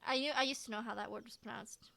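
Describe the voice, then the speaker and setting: A woman's voice: on the high side, steady tone, fast, creaky, bright, forceful tone. A woman streaming a video game, chatting casually and playfully repeating herself as she plays. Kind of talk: casual gameplay commentary.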